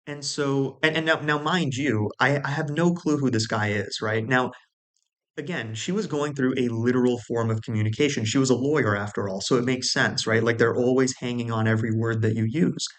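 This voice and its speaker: A man's voice: mid-range voice, fairly quick. Man explaining, peppering talk with "right?". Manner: conversational, many restarts and "right?" checks. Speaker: video host.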